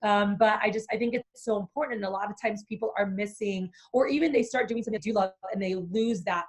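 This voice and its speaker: A woman's voice: medium pitch, fast. A woman business coach being interviewed, talking energetically and acting out the inner voices of fear. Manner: animated, acts out inner voices.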